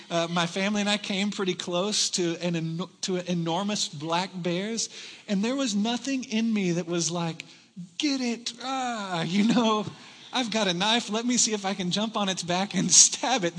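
Bright high-voiced pastor guy preaching, lively and jokey, long echo of a church hall behind him. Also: a little hiss or hum. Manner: animated, joking with the congregation. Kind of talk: sermon.

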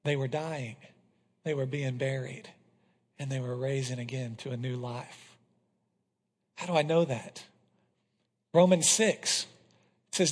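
A male pastor preaching a passionate sermon to his congregation, swinging from loud declarations to hushed, intense moments. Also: medium pitch, a little slow, pauses often. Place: church hall. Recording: reverberant hall.

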